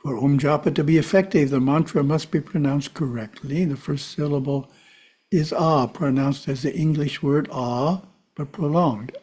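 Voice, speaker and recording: A man giving a calm, measured spiritual teaching talk, with side remarks to his listeners. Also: a little high, slightly rough. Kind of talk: teaching talk to a live audience.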